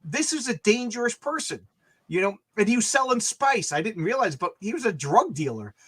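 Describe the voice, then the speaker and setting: A man's voice: high-pitched, sing-song, moderate pace, a bit bright, slightly rough. An older man hosting a casual chat, rambling with frequent stammering restarts. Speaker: podcast host.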